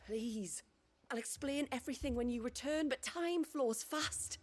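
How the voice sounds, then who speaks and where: An earnest, pleading healer. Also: female voice, high voice, a little slow. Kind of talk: game voice acting.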